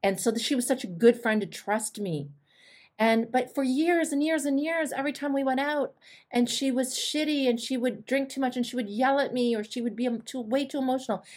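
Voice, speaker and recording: A woman's voice: high voice, fairly quick, a little mellow. A woman host coaching a caller, telling candid stories with emphatic, direct delivery. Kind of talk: coaching advice on a call.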